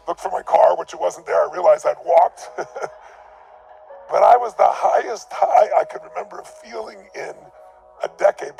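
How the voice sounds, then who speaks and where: A man giving a motivational talk, telling a personal story in an emphatic, intense way with a gravelly voice. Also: high-pitched, dark tone. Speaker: motivational speaker.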